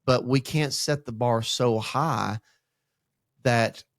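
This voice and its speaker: A man's voice: mid-range voice, slow, no room sound, studio quality. A man, co-hosting a church podcast as a pastor in training, telling stories about his kids in a casual, rambling way. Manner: rambling, animated storytelling with acted-out quotes. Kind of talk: casual faith discussion.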